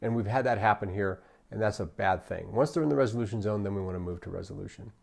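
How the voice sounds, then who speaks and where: A man's voice: on the low side, quick pace, creaky, a little mellow. Man coaching staff on angry customers. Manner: coaching, repeats "right?" often, acts out customer quotes. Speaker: customer service trainer. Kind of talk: training lecture.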